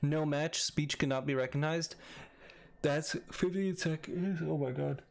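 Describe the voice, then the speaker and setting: A man's voice: fairly high pitch, unhurried, vocal fry. A young man casually talking through his coding project, thinking aloud with frequent restarts. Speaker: video creator.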